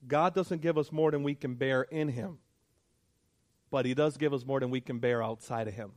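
A man's voice: mid-range voice, moderate pace. A male pastor preaching a sermon, emphatic, repeating his points and checking in with the congregation.

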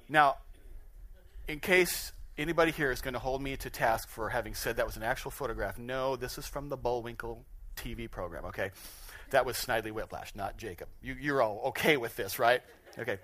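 Male pastor, conversational sermon, chuckling, bright forceful voice, mid pitch. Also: moderate pace.

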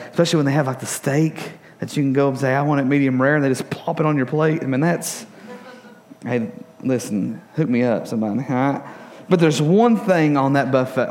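A young adult man preaching a casual sermon, telling stories with jokes and lots of fillers. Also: medium pitch. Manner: casual, joking, animated storytelling with many fillers. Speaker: pastor.

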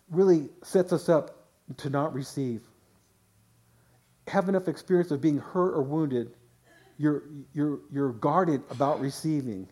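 A man's voice: on the high side, mellow. A man pastor preaching a sermon in a conversational way, often restarting phrases and voicing quotes.

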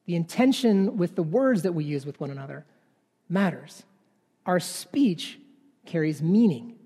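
A man's voice: on the high side, expressive, normal speed, dark tone, husky. A man in his thirties preaching a sermon, talking conversationally and often asking "right?". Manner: conversational, keeps adding "right?". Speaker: pastor. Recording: long reverb of a large hall.

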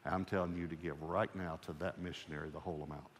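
A preacher's low hush as the calm voice of God. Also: male voice, fast, long reverb tail, slight background noise, close to an everyday voice. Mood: calm firm. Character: calm, gentle voice of God speaking.

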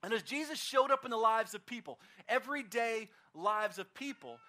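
Sex: man. Role: pastor. Style: conversational sermon. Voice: high and bright. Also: normal speed. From Oklahoma, United States. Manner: casual, animated storyteller with frequent fillers.

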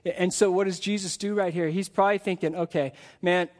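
A man's voice: high voice, steady tone, fast talker, a little mellow. A male pastor preaching a live sermon to his congregation in a church, earnest and full of repeated rhetorical questions.

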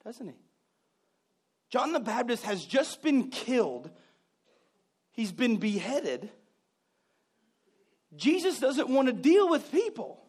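A man's voice: very high-pitched, very animated, slow pace, pauses often, darkish tone, breathy edge. A man preaching a sermon, telling stories with mimicked voices and joking, sarcastic asides. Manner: jokey, sarcastic humor. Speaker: pastor.

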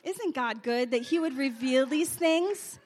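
A woman preaching a sermon, telling stories and testimony, moving from hushed confession to loud praise. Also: sits high, unhurried. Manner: animated, swings from hushed confession to loud exclamations.

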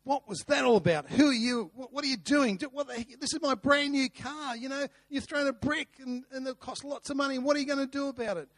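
A man voicing an angry young executive who shouts at a boy over his damaged car. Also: very high voice, pitched above the performer's own voice, heavily acted. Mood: furious. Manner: shouting, rapid questions. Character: furious young male executive, yelling.

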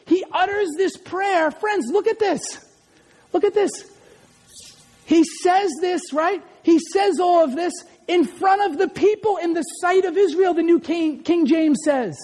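A man preaching a sermon with animated delivery, swinging from shouts to quiet asides and often asking the congregation "right?". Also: extremely high pitch, a little slow.

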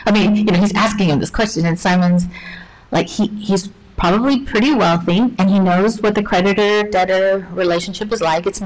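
A woman's voice: mid-range voice, normal speed, slight background noise, rough recording. A woman giving a casual Bible teaching to women, chatty and full of "like", acting out the story as she tells it. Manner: chatty, peppered with "like", acts out the story. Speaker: women's ministry speaker.

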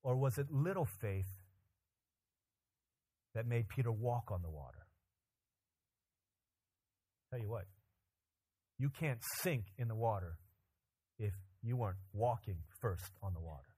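A pastor preaching a sermon, animated and joking, with loud emphatic climbs in his voice. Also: medium pitch, unhurried, pauses often, husky.

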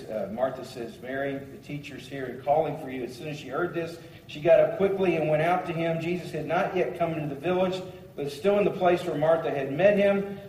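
Guy preaching in a church, kinda high voice, echoey hall, mic far off. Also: darkish tone. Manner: reads scripture and comments with varied emphasis. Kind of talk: sermon.

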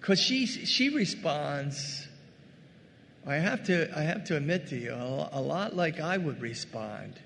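A male pastor delivering a conversational, animated sermon, calling his congregation "gang" and acting out scripture scenes. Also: fairly high pitch, measured pace, creaky, big-room sound, a little hiss or hum. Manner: addresses the congregation as "gang" and "guys".

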